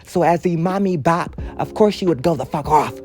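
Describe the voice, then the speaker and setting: A man's voice: fairly high pitch, normal speed, darkish tone, soft background music. A man hosting a casual reality TV recap, sassy and profane, laughing at himself and a bit out of breath. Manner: sassy, scattered, cusses freely, laughs often.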